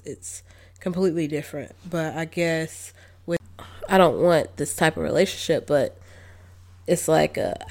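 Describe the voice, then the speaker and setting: Young woman, casual film reviewer; unhurried, slightly low voice, sassy and disbelieving. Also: a little mellow. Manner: chatty, incredulous, sassy asides. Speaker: movie reviewer. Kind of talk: casual spoken movie review.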